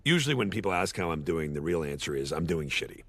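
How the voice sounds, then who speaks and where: A man's voice: a bass voice, sing-song, fast, vocal fry, a bit bright, breathy edge, no echo, full character voice. A man playing a sardonic, washed-up male horse actor who rambles through a eulogy with awkward, sarcastic jokes. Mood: wry. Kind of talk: comedic eulogy monologue.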